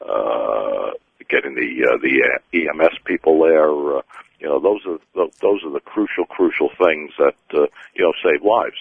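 A man in casual chat as co-host, agreeing with short, halting remarks. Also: rumbling low, creaky, slightly rough, dry recording, narrow, tinny audio. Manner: brief agreeing interjections, halting.

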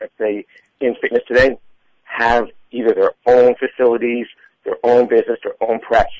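A man with a mid-pitched voice, worn down because he is losing it, clears his throat and restarts his sentences. He answers a host's questions in a measured way. The recording is dry and close. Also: darkish tone, no echo, lo-fi sound. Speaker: fitness professional guest. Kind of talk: interview answers.

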